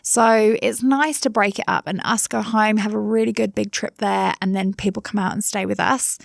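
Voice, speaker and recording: Thirties woman, Somerset English accent, gravelly edge, relaxed chatty guest. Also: medium pitch, moderate pace, no room sound, studio quality. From England. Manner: chatty, with many fillers and asides. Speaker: interview guest. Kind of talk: casual interview chat.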